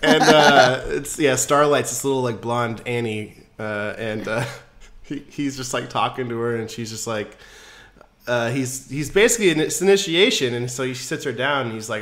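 A man hosting a casual podcast, retelling a story in an animated, profane way full of fillers. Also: mid-range voice, moderate pace. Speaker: podcast host.

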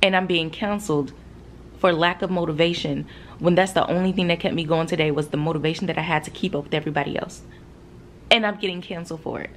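A woman's voice: lowish voice, a little hiss or hum. A woman in her thirties, a soldier, telling an emotional story straight to her viewers, frank and profane and close to tears. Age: 30s. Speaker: soldier and vlogger. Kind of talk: candid storytime vlog.

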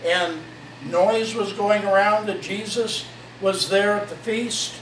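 A man's voice: high-pitched, steady tone, slow, a bit bright, a little hiss or hum. A man preaching a sermon, fervent and quoting long passages of scripture. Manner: fervent, quotes scripture at length. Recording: echoey room, mic at a distance.

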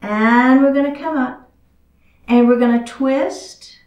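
A woman guides a chair yoga class in a fairly high voice, chatty and encouraging as she demonstrates the poses. She sounds a little out of breath. Her voice is caught from a distance in an echoey room. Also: slow, a little mellow. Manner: encouraging, chatty, talks while moving. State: slightly out of breath. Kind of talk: guided exercise class instruction. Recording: echoey room, far from the mic.

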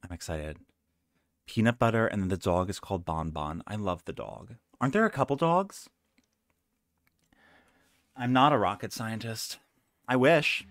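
A man's voice: on the low side, lively intonation, normal speed, long pauses, a bit bright, no echo, clean studio sound. A young man live-streaming a game, chatting playfully and joking about himself. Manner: playful, self-mocking, chatty.

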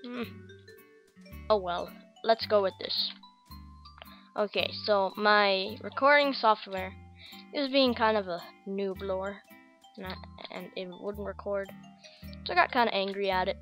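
An American woman rambles through casual game commentary, goofy and full of fillers. Her voice sits at an ordinary middle pitch, with faint music playing underneath. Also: a little slow, pauses often, a bit bright. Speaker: gaming channel host. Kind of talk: casual Minecraft gameplay commentary.

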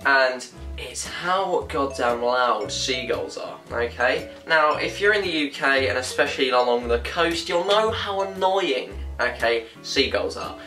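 A woman's voice: very deep voice, expressive, measured pace, fairly bright tone. A young British woman ranting comically, exasperated and laughing often. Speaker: vlogger. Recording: roomy echo, distant mic, faint music.

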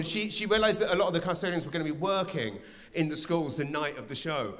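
A man doing a stand-up set, animated and profane, acting out bits of dialogue. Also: on the high side, brisk. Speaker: stand-up comedian. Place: large theatre stage with a live audience. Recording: theatre reverb with faint crowd noise.

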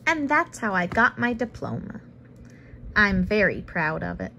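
A woman reads a picture book aloud and tosses in relaxed, casual asides between pages. Her voice is gravelly and sits at a middling pitch, with faint noise in the background. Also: measured pace, lo-fi sound. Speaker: storybook reader.

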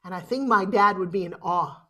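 A woman's voice: mid-range voice, normal speed, sharp tone. A woman giving a motivational keynote, speaking with emphasis and rousing the audience. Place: online summit.

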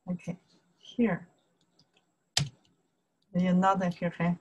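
A woman with a Chinese accent who speaks Chinese natively, teaching a casual online language lesson. She talks haltingly with many fillers and repeats each syllable along with its tone. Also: fairly low pitch, little pitch movement, darkish tone, highs cut off, slight background noise.

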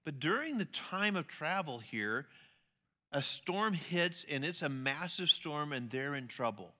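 A man preaching a sermon in a church, telling a story with animated, acted-out voices. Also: fairly high pitch, measured pace. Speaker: pastor.

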